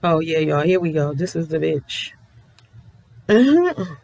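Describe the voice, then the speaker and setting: A woman's voice: deep voice, little pitch movement, normal speed, gravelly, darkish tone, no echo. A woman YouTube commentator ranting bluntly to her viewers, swearing freely and talking to them directly. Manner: blunt, profane, sassy, addresses viewers directly.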